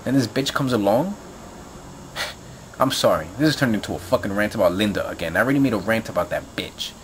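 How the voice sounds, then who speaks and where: A lowish, animated male voice moves briskly through an angry rant to camera. The video blogger swears freely, rambles, and leans heavily on fillers and repeats. Slight background noise is audible.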